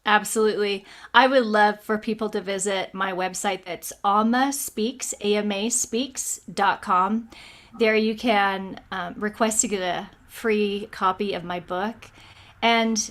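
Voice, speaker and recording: A woman's voice: mid-range voice, steady tone, a little slow, fairly bright tone. A woman guest on a video call, carefully spelling out details for listeners. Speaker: summit guest. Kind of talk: interview conversation.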